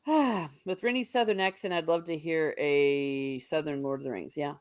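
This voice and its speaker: A woman's voice: low voice, normal speed, dry recording, clean studio sound. A woman with an Irish accent hosting a casual book discussion, chatty and laughing often. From Ireland. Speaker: host.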